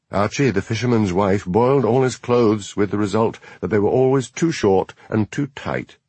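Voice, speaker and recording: A man narrating an audiobook in a measured, expressive reading. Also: fairly low pitch, slightly rough, no room sound. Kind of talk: scripted narration.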